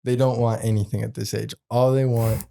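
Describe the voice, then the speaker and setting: A nineteen-year-old man, a podcast producer, chatting in a laid-back, halting way with lots of fillers. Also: medium pitch, flat delivery, creaky, warm tone. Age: young adult. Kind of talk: casual chat.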